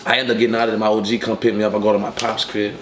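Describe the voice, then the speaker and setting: Fast-talking streetwise young man, echoey room. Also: on the low side, flat delivery. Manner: streetwise, profane, rapid storytelling with many fillers. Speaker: rapper, interview guest. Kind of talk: casual interview storytelling. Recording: echoey room with faint ambient noise.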